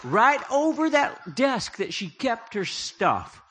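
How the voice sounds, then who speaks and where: High, bright-voiced joking preacher man. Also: takes it slowly, husky. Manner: jokey, animated, self-deprecating asides. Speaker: prophetic speaker. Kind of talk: humorous sermon storytelling.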